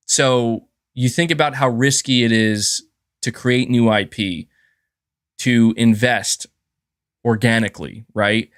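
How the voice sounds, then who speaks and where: A man's voice: mid-range voice, a bit bright. A man hosts a live stream and rants heatedly about the news, swearing freely and reading out viewers' messages. His voice sits in a middle range and climbs when he gets fired up. The sound is dry and close, with no room echo. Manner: heated, ranting, profane. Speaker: livestream host. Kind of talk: live-stream commentary with chat readouts.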